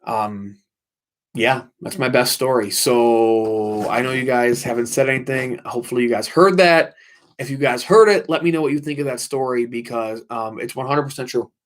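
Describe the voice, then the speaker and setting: A man hosts a late-night livestream and tells a true ghost story. He talks intensely, repeats phrases for emphasis and swears freely. His voice sits at a middle pitch. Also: moderate pace. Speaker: livestream host.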